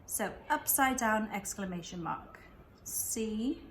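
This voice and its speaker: A patient woman teacher talks students through a revision routine. She speaks clearly and instructively and slows right down to repeat phrases. A faint hiss sits under her voice. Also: medium pitch, fairly bright tone. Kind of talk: revision lesson walkthrough.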